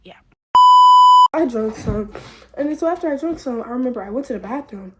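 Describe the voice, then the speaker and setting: Excitable rambling young woman storyteller. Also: a little high, brisk, very noisy. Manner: rambling, excitable, full of "like" and "bro". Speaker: vlogger. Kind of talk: casual storytime vlog.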